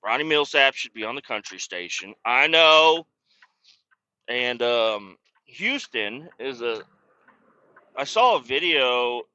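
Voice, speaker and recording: A man hosts a podcast and tells his story in a loose, rambling way, with a lot of swearing. His voice is very bright and cutting. The recording sounds dull and lo-fi. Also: mid-range voice, big pitch swings, slow, long pauses, no room sound. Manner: profane, storytelling, worked-up. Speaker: podcast host. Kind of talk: casual rambling monologue.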